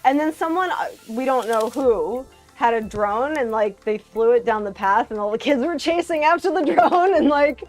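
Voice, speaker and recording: A woman's voice: a little high, expressive, normal speed, few pauses, darkish tone, soft background music. Chatty woman telling family stories. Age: adult parent. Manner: chatty storyteller, laughs often. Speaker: co-host of a live VR stream. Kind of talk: casual chat.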